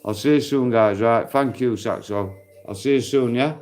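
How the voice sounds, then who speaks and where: A man's voice: mid-range voice, normal speed, darkish tone, faint music behind. Guy live streaming on his phone in a park, blunt and sweary, calls everyone mate. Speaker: livestream host. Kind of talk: casual live-stream chat with viewers. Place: outdoors in a park.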